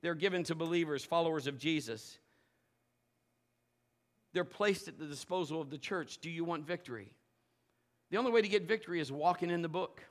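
Male preacher, high bright voice, lively delivery swinging between loud and hushed, church service. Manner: animated, swings from loud exhortation to low asides, playful. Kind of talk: sermon.

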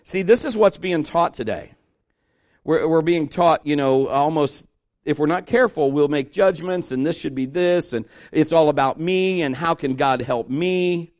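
Guy preaching a chatty sermon, kinda high voice, folksy stories, lots of questions to the crowd. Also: moderate pace, a little mellow. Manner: folksy storytelling with rhetorical questions. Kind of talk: conversational sermon.

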